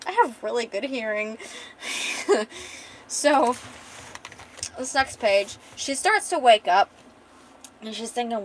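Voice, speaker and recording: Chatty streamer girl, kinda high voice, laughs a lot, faint hiss behind. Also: expressive, slow, pauses often, low-quality recording. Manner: chatty, laughs often, swears casually. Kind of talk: casual storytelling on a cozy stream.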